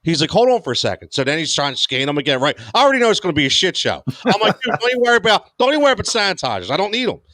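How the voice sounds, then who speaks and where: An American man co-hosting a casual podcast, telling stories in an animated, exasperated way. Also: high-pitched, very fast, few pauses, no echo. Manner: animated storyteller, exasperated rants. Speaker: podcast co-host. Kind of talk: casual sports podcast chat.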